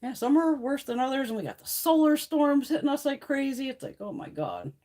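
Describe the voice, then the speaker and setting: Her voice is high-pitched and dark, swinging widely in pitch and running a little fast. She's hosting a beauty livestream from a mountain home, chatting casually with viewers, blunt, profane and quick to laugh.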